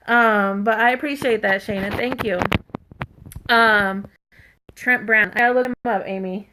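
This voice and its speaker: A woman's voice: mid-range voice, steady tone, unhurried, long pauses, background noise. A woman hosting a casual live stream from home, talking to viewers in a chatty, heartfelt way and reading their comments aloud. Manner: chatty, heartfelt, fills talk with "like" and "you guys".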